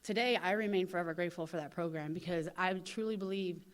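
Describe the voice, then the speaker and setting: Woman, slightly low voice, from St. Louis, recovery convention speaker, casual storytelling, lots of "you know". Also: fast talker. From St. Louis, USA. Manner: acts out other people's lines with lively voice shifts. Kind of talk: personal recovery talk. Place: convention hall.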